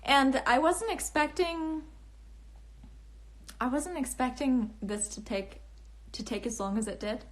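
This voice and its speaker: Giggly young woman on a slow livestream. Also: sits high. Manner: bubbly, giggly, rambling with many restarts. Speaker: livestream host and author. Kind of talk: casual livestream chat answering comments. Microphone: phone camera.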